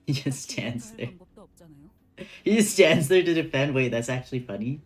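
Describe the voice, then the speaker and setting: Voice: medium pitch, lively intonation, moderate pace, soft background music. A game streamer chatting casually with their chat, laughing often while reading a story game aloud.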